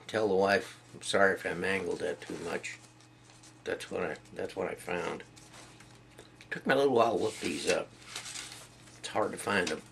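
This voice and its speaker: Middle-aged man, very low gravelly voice, halting folksy reading, faint background hiss. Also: fairly bright tone. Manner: reads greetings haltingly, stumbling over foreign words; folksy and self-deprecating. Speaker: video blogger. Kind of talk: casual reading to camera.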